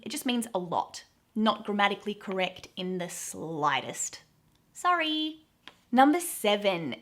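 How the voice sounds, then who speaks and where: A woman's voice: mid-range voice, a bit bright. A woman in her thirties with an Australian accent, explaining slang to camera in a chatty, giggly, self-deprecating way. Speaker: YouTube host teaching Australian slang. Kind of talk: casual explainer talk to camera.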